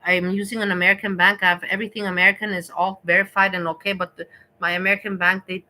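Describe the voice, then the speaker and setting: A woman's voice: fairly low pitch, flat delivery, quick pace, pushed and bright, a little hiss or hum, low-quality recording. A young woman from Europe, a streamer ranting in frustration and swearing heavily during a reaction livestream.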